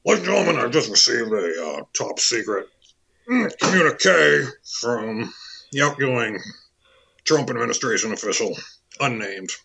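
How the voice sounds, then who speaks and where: Man playing a raspy, bombastic conspiracy broadcaster, gravelly, high-pitched rant, a bit of Texas twang. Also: sing-song, slow, pauses often, pushed and bright, exaggerated voice. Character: ranting male conspiracy radio host impression.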